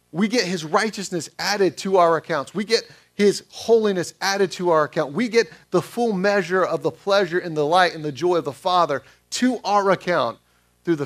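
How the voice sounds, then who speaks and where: A male pastor giving a sermon in a conversational way, asking the congregation questions. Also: high-pitched.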